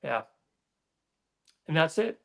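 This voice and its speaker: A middle-aged man guesting on a casual podcast speaks with a fairly high male voice. He rambles along loosely, stacking fillers and restarting his thoughts as he remembers. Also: sing-song, takes it slowly, gravelly. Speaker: guest, former motocross racer.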